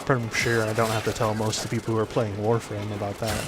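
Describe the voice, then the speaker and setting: A man's voice: on the low side, level tone, fast talker, loud music behind the voice. Rambling man doing game commentary. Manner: rambling, many fillers. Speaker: gaming video host. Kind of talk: casual gameplay commentary.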